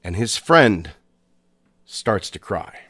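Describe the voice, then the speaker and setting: A man hosting a podcast, narrating a scary story in a suspenseful way, with pauses and restarts. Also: lowish voice, very animated, a bit bright, slightly rough. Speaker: podcast host.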